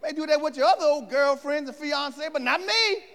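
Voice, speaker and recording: A male preacher delivers a fiery sermon in a strikingly high, gravelly voice. He shouts and drives his points home with rhythmic repetition, and a long church reverb hangs after every phrase. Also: normal speed.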